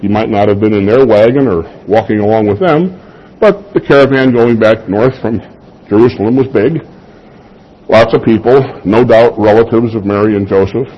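Husky-voiced man preaching a sermon. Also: lowish voice. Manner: conversational preaching with rhetorical questions. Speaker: pastor. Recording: slightly dull lo-fi sound.

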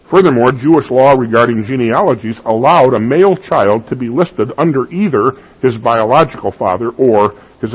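A man's voice: medium pitch, husky, muffled recording. A man preaching a teaching sermon, stressing key points and putting rhetorical questions to his congregation. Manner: teaching, emphatic, asks the listeners rhetorical questions. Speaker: pastor. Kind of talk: expository sermon.

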